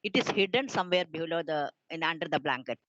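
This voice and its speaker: Lady on a video call, earnest, lots of uhs, lowish voice, dull dry sound. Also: expressive, fairly bright tone, dry recording. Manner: earnest, halting, many fillers. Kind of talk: unscripted panel talk.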